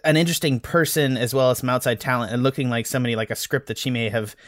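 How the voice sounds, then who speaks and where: A man's voice: mid-range voice, fairly even intonation, rapid-fire, no echo, clean studio sound. A man chatting casually as a podcast film reviewer, rambling and self-deprecating with many restarts.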